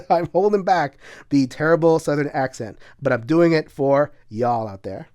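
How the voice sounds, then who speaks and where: A man's voice: mid-range voice, normal speed, darkish tone, dry recording. Guy narrating a solo board game, lots of uhs, close dry mic, mid voice. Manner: chatty, many "uh" fillers, bursts of laughter. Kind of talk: casual solo playthrough commentary.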